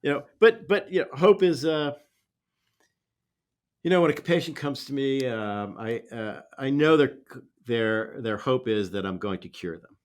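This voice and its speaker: Man, physician host, mid pitch, measured, hesitant fillers, interview talk. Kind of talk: interview conversation.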